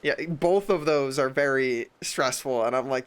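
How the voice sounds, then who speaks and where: A man's voice: medium pitch, measured pace, smooth. A young man streaming, chatting casually in a rambling, sarcastic way and swearing often. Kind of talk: casual chat.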